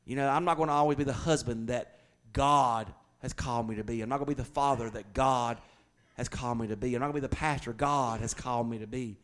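Speaking at a medium pitch with fairly even intonation, this middle-aged pastor talks fast. He delivers his sermon conversationally, cracking jokes before driving his points home hard with sudden loud emphasis.

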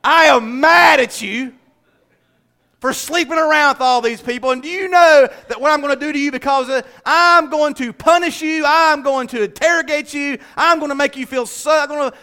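A man's voice: extremely high pitch, normal speed, pitched above the performer's own voice, exaggerated voice. A man voicing an angry, scolding man who threatens punishment, in a mock sermon aside. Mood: furious. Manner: shouting, threatening, drawn out. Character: angry scolding male preacher, mock version.

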